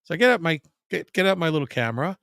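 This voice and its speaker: A man's voice: a little high, sing-song, racing, gravelly, fairly bright tone, dry recording, studio quality. A man, a podcast guest, telling a long story in casual chat, profane and full of restarts. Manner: rambling, profane, frequent restarts.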